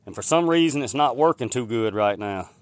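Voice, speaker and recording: Here a livestreamer talks from the woods outdoors, phone in hand, folksy and rambling as he answers what viewers write. His voice is medium-pitched, animated and fairly quick, with no room sound.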